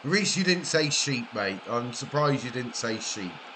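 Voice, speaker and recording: A middle-aged Welsh man drawls through a live game stream, teasing his viewers and laughing between lines. His pace is unhurried and his tone is jokey. A faint background hiss sits under his voice at his desk mic. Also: medium pitch, expressive. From Wales. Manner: chatty, jokey banter with viewers, frequent laughs. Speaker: gaming streamer. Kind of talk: casual live-stream chat while gaming.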